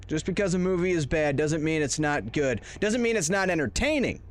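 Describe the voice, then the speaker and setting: A man live-streams a horror game, rambling, joking, and chatting with his viewers as he plays in casual commentary. His voice sits on the high side, expressive and a little fast.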